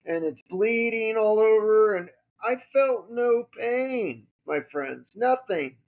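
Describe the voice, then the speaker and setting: Slow, gravelly male podcaster. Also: high voice, expressive, a little mellow. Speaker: podcast host. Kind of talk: casual storytelling.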